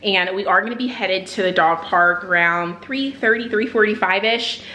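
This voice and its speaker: A young woman talking casually to her viewers in a vlog, at an everyday middle pitch. Her delivery is chatty and easygoing, with a little faint noise heard in the background. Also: normal speed. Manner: chatty, switches to high excited praise for the dogs. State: out of breath. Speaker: vlogger, dog owner. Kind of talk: casual vlog chat to camera.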